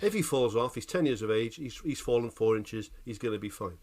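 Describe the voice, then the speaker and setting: A man co-hosting a casual chat podcast, telling animated, sweary stories and checking in with "right?" after every point. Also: mid-range voice, a little fast. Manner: animated storytelling, sweary, keeps asking "right?". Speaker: podcast co-host.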